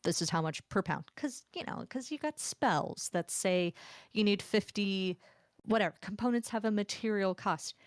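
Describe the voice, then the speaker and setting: A woman voicing a male tavern local who leans in to explain money schemes in a brisk, conspiratorial way. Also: mid-range voice, no echo, clean studio sound, lightly acted.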